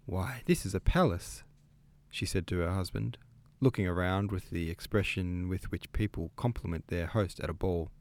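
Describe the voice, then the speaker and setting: A man with a low, deep voice reads a classic novel aloud, measured and expressive. His delivery is unhurried and clear. The recording is dry and close. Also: no room sound. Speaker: reader.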